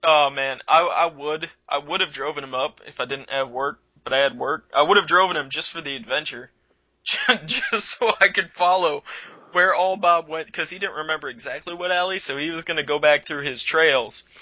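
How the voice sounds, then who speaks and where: A man's voice: on the high side, normal speed, dry recording, dull audio. A man co-hosting a comedy talk show, telling stories casually and acting out the people in them. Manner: animated storyteller who acts out the people in his stories.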